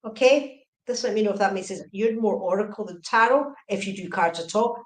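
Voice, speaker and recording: Lady medium doing live readings, quick chatty talk, echoey room. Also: medium pitch. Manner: fast, chatty, repeats okay and right. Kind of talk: live-stream psychic reading.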